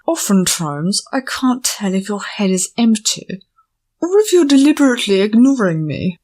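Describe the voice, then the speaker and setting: A woman's voice: mid-range voice, very animated, normal speed, a little mellow. Woman voicing a prim, exasperated unicorn pony. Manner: clipped, exasperated, scolding. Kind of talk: audiobook character voice.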